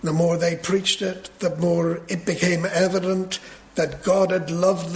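A man preaching a sermon in a measured way, building to emphatic peaks. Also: high voice, level tone, gravelly.

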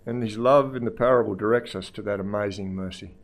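A man preaching a sermon, moving between hushed, low passages and raised, fervent emphasis, often repeating words as he goes. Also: a little fast. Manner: repeats words while searching for the next phrase.

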